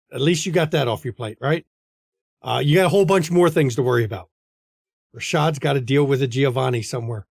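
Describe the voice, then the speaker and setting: A man's voice: on the high side, no echo, studio quality. A man hosting a tabletop game stream, chatting casually and earnestly in the outro. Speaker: game master and host.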